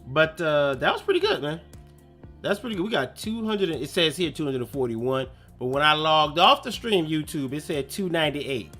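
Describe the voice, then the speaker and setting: A man's voice: a little high, big pitch swings, normal speed, pushed and bright. A young man chatting casually on his gaming live stream, loose and slangy, rambling between topics. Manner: loose, slangy, rambling, lots of self-talk. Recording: faint music behind.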